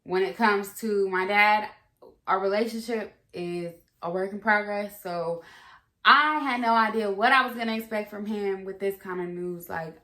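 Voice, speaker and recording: A woman's voice: medium pitch, moderate pace, sharp tone. A young woman telling a story from her own life in a casual, candid way, swearing freely and rambling with fillers. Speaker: vlogger. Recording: echoey room.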